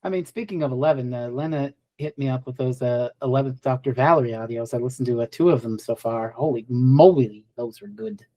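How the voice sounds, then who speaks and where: A woman co-hosting a podcast in casual chat, animated and swearing freely. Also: rumbling low, fairly quick, hardly any pauses. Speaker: podcast co-host.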